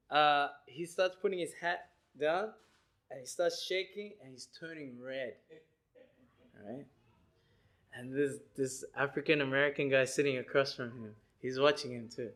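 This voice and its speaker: A man giving a lecture, telling an animated story and acting out the people in it. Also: a little high. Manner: animated, acts out people he describes and sings chants.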